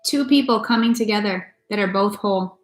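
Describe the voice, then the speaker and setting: A tarot reader with a mid-range voice talks a little fast as she gives her viewers a casual reading. She's blunt and swears a lot, and there's echo in the room along with faint music.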